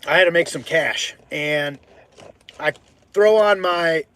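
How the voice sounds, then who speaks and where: A man hosting his own show, telling a personal story in a casual, animated way and swearing freely as it heats up. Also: fairly high pitch, slow pace. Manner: animated, swears freely, swings from quiet to heated. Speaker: podcast host.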